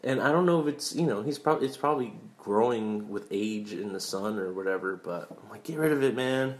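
A man's voice: on the low side, brisk. A young man in casual, rambling movie talk, swearing freely and drifting into tangents as he reviews films. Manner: rambling, profane, wanders off on tangents.

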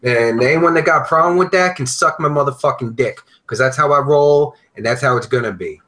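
Male podcast host, blunt profane ranter, mid-pitched everyday voice. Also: a little fast, bright, forceful tone, low-quality recording. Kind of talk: casual podcast chat.

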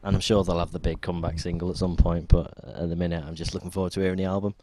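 A man's voice: low-pitched, little pitch movement, rapid-fire, mellow. A man co-hosting a casual podcast chat, steering through the topics with frequent ums and hesitations. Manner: hesitant, many ums while running the topics. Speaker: podcast co-host.

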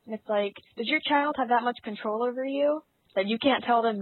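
A woman co-hosting a casual podcast chat, animated and opinionated. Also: a little high, brisk, no room sound. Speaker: podcast co-host. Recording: dry, tinny phone-like sound.

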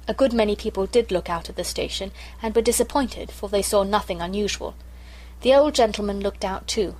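A woman narrating a classic children's story in a measured, clear storytelling manner. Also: mid-range voice, poor audio.

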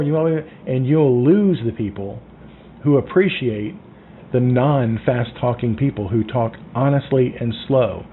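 A man giving sales coaching in a lively way, acting out phone calls and lowering his voice for effect. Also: normal speed, a little hiss or hum. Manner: animated, acts out phone calls, drops to a low voice. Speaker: sales trainer. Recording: tinny phone-like sound.

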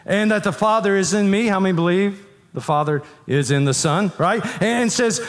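A man's voice: sits high, expressive, normal speed, a bit bright. A man, a pastor, preaching an emphatic sermon and leading the congregation to read verses aloud with him. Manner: emphatic, repeats phrases, leads the congregation to read along. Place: church sanctuary. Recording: long reverb of a large hall.

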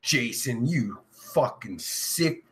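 This host's voice is mid-range, with lively intonation and drawn-out words. He has a stuffy nose and keeps up crude, casual podcast chat, reading viewer comments with constant swearing and jokes, loud and swinging between shouting and mumbling.

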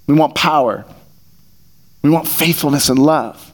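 A man's voice: fairly high pitch, a little slow. Earnest male pastor preaching. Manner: conversational, earnest, repeats phrases for emphasis. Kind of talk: sermon. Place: church hall. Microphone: headset mic taped to face.

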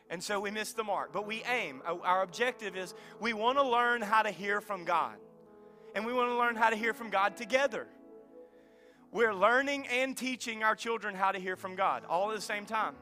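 Bright-voiced man preaching a sermon. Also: sits high, normal speed, soft background music. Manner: storytelling, drops to soft near-whisper for emphasis. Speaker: pastor. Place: church sanctuary.

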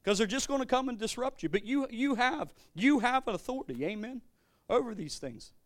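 Male pastor, high voice, excitable sermon delivery with stammering restarts, dry close sound. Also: a little fast, no echo. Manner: animated, swings between loud declarations and quiet storytelling, stammering restarts.

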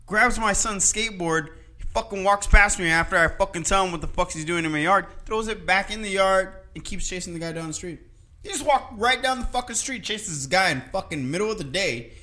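A man hosting a podcast in casual chat, talking loud, rambling and swearing constantly. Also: sits high, brisk. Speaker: podcast host.

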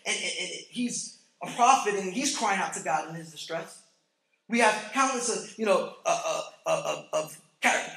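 A man with a fairly high voice preaches a sermon. He often stumbles over repeated words as he starts a thought. He swings between quiet, hushed stretches and loud, emphatic appeals to the congregation. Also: rough recording. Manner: asks the congregation questions. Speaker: pastor.

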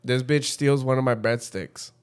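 A man's voice: medium pitch, fairly even intonation, moderate pace, clean tone. A young man telling a long story in casual chat, swearing often and talking with animation.

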